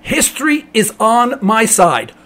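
A man's voice: high-pitched, sing-song, a little slow, pushed and bright. A middle-aged man hosting a talk radio show, ranting emphatically in a rambling monologue and mocking callers in a dopey voice.

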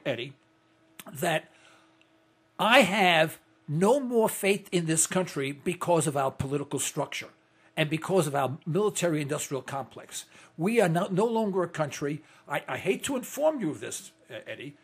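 A man's voice: on the high side, breathy edge. A man in his sixties hosting a talk radio show, speaking in a rambling, indignant, impassioned way. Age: 60s. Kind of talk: opinionated talk radio monologue.

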